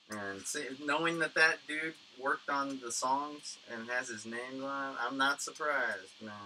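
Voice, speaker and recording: A livestream host from Tucson, Arizona, USA chats in a rambling, profane way with plenty of fillers, using a studio condenser mic. His medium-pitched voice sounds pushed and bright, and the poor audio has a little hiss or hum.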